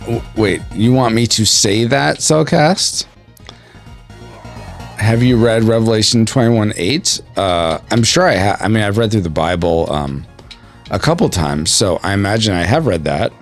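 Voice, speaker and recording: A man's voice: on the low side, lively intonation, a little slow, faint music behind. A man hosting a gaming livestream, rambling playfully and reading chat aloud. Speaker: streaming host.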